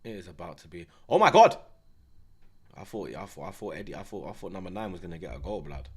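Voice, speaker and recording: A man, hosting a live football watchalong, chatting in heavy street slang with the viewers and shouting at big chances. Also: low voice, rapid-fire, husky.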